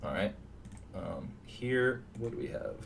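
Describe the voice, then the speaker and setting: Male poker streamer, low gravelly voice, muttering live commentary; distant mic, noisy room. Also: unhurried. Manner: mutters to himself, thinking aloud. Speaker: online poker player. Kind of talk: live commentary on his own poker session. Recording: distant mic with steady background noise.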